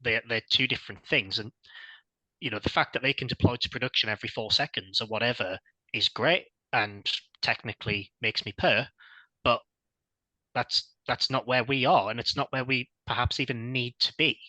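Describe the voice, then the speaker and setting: A man on a podcast panel, speaking in a measured, reflective way and thinking aloud. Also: medium pitch, fairly even intonation, sharp tone, no echo, poor audio. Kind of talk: casual panel discussion.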